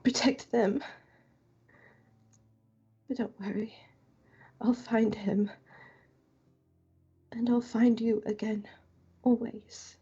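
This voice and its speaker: A woman's voice: on the high side, level tone, drawn-out words, long pauses, breathy edge, heavily acted. Woman whispering as a grieving warrior. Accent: attempted character accent. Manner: whispered, hushed. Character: grieving female warrior, soft-spoken. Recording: muffled lo-fi audio.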